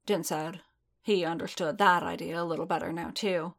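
A woman reading story narration aloud in an even, steady manner. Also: on the low side, normal speed, gravelly. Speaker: reader. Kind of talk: audiobook narration of fan fiction.

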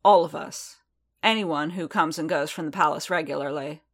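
A woman's voice: sits low, moderate pace. Woman reading a blunt, worn-out warrior man. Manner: blunt, pressing, sharp. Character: exhausted, blunt armored male warrior.

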